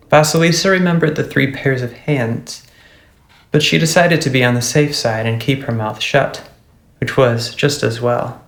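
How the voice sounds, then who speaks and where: A man reads a fairy tale aloud in a steady, measured storytelling voice. His tone has a gravelly, creaky texture. The recording carries a clear room echo. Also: mid-range voice. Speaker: narrator. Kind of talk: storybook reading.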